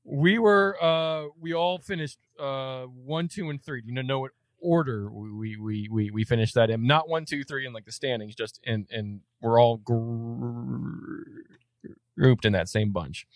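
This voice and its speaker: A man's voice: mid-range voice, a little slow, no room sound. A man co-hosting a podcast in casual chat, teasing his friends and stumbling over his words. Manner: playful teasing, stammers and restarts. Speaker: podcast co-host.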